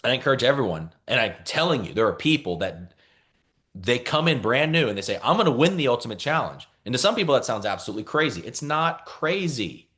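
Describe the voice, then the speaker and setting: A man leading a team video call, giving an energetic motivational talk full of repetition and calls for the group to answer back. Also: medium pitch, fairly quick. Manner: energetic, repeats phrases, calls for responses. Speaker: team leader.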